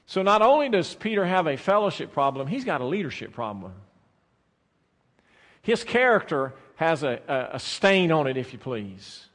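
A man preaching a sermon as pastor, swinging between soft, drawn-out phrases and loud, emphatic bursts. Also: a little high, very animated. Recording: long reverb of a large hall.

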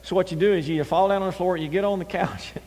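A male pastor preaching a sermon, animated, swinging between loud emphasis and near-whispers. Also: high-pitched, fast talker. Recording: long hall reverb.

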